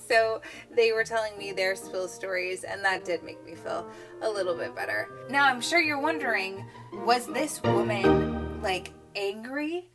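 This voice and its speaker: A young adult woman tells a personal story to her vlog audience in a loose, chatty way, leaning on "like" as she goes. Her voice sits in an ordinary middle pitch, with faint music playing behind her. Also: fairly bright tone. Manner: chatty, lots of "like" fillers. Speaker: vlogger. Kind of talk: casual storytime retelling.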